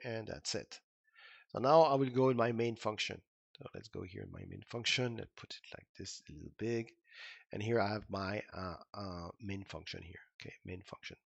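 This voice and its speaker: A man's voice: lowish voice, normal speed, vocal fry, no room sound, highs cut off. A man giving an informal coding tutorial, thinking aloud with many fillers and restarts. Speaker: instructor. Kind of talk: screen-recorded coding tutorial.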